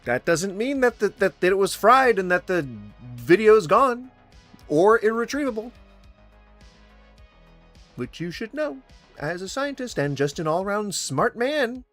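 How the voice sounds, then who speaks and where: Animated sarcastic man ranting. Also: high-pitched, measured pace, long pauses, soft background music. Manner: mocking, mimics others in taunting voices, swears. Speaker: commentator reacting to clips. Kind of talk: sarcastic reaction commentary.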